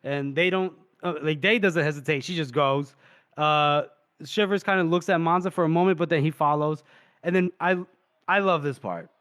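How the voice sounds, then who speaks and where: A man's voice: a little high, moderate pace, a bit bright, smooth, dry recording, clean studio sound. A man co-hosting a podcast, casually retelling book scenes and acting out the characters' lines. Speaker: podcast co-host.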